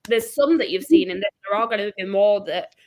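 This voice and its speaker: A woman hosting a casual book club livestream, chatty and quick to laugh, putting questions to her guests. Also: mid-range voice, a little mellow. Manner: chatty, laughs often, asks the group questions.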